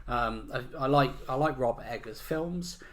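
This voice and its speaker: A man's voice: medium pitch, normal speed, fairly bright tone. A man co-hosting a podcast, easygoing and agreeable as he gives his take on a film. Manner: easygoing, agreeable, short backchannels. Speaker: podcast co-host. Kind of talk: casual film review chat.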